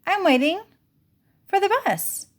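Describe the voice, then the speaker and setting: Woman doing a high, bewildered old grandmother. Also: sing-song, slow pace, heavily acted. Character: confused elderly grandmother, lost and frightened.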